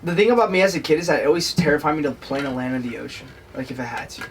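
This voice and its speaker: Podcast co-host: rapid, rambling young man with a somewhat high voice, mic set back, faint hiss. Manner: animated, rambling, lots of fillers. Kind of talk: casual chat. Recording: distant mic with faint noise.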